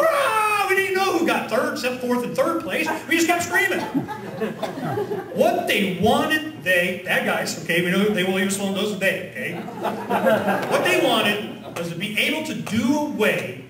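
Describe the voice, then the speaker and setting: Animated man at a rally. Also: high voice, normal speed. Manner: animated, rhetorical questions, chanting. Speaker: conference speaker. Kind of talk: rally speech. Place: conference hall with audience. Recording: echoey hall, distant mic, crowd.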